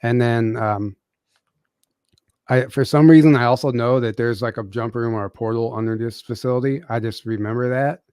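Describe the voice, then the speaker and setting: A man's voice: medium pitch, steady tone, moderate pace, darkish tone, clean tone, no room sound, clean studio sound. Rambling man telling a story. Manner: rambling, many fillers and restarts. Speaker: podcast guest. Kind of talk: casual storytelling.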